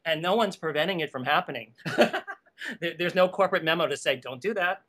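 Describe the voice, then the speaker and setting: A man speaking as a guest on a podcast interview, an animated storyteller who laughs often and drifts into asides. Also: a little high, moderate pace. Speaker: guest, animation art conservation director.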